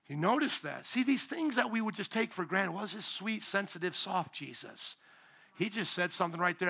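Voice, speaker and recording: A high-pitched male pastor delivering a sermon with a bright, forceful tone. He swings from loud, emphatic bursts down to quiet, low asides. He sounds like the father of young children. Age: young adult to middle-aged, a parent of young children.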